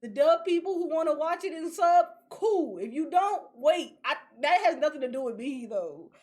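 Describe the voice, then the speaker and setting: Brief: young woman, high voice, animated profane rants, podcast co-host. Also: moderate pace. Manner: animated, ranting, laughs often, profane. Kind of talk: casual podcast chat.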